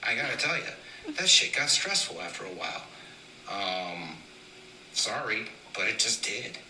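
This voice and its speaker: A man's voice: fairly low pitch, big pitch swings, measured pace, pushed and bright. A man leaving a rambling, casual voicemail, swearing freely as he talks. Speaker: voicemail caller. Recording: distant roomy voicemail with faint noise.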